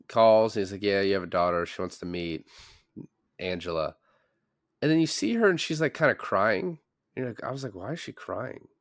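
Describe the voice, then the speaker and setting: A man co-hosting a podcast, casually recapping a film in a relaxed, rambling way. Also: fairly low pitch, no echo, clean studio sound. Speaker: podcast co-host. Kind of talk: casual chat.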